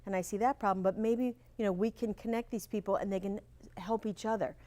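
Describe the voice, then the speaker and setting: A middle-aged woman appears as a candidate guest in a local TV studio, talking in an earnest, upbeat way during a casual interview and spelling things out slowly. Her voice is mid-range and dark in tone, with fairly even intonation.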